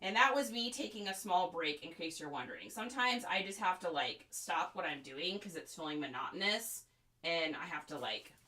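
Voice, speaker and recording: A woman's voice: lowish voice, expressive, normal speed, sharp tone. A young woman hosting a casual reseller livestream, chatting in a bubbly way with lots of fillers and laughs.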